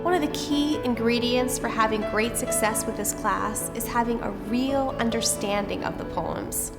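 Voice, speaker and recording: A woman's voice: a little high, normal speed, over loud music. Articulate woman teaching a class.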